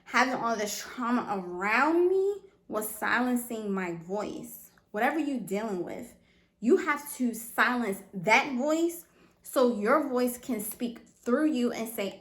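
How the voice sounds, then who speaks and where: A woman's voice: on the high side, lively intonation, slow pace, a bit bright, echoey room. A woman hosting a solo podcast, talking earnestly and with emphasis, repeating phrases and often checking that the listener understands. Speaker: podcast host. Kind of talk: motivational solo podcast talk.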